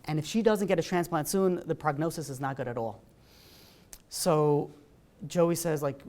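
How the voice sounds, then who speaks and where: A man, a rabbi, telling a story in a sermon in a casual, animated way, full of "you know" and "like". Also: on the high side, normal speed, pauses often.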